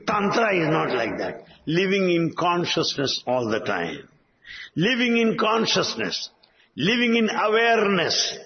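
Lively man teaching slowly. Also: mid-range voice. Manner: emphatic, rhetorical questions, acts out quoted voices. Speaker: spiritual teacher. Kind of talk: spoken talk on yoga and Tantra. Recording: dull lo-fi recording with long reverb.

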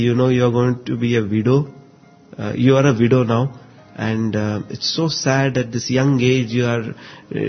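A man retelling a spiritual parable in casual talk, often chuckling and pausing with fillers as he goes. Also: medium pitch, slightly rough. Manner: chuckles often while telling, many fillers. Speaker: storyteller. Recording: dull lo-fi recording with faint music.

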